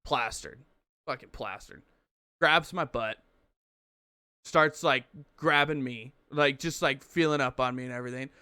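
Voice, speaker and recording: A man's voice: medium pitch, unhurried, pauses often, sharp tone, smooth, dry recording. A man co-hosting a podcast, telling a long rambling story in casual chat, swearing and restarting as he goes. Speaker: podcast co-host.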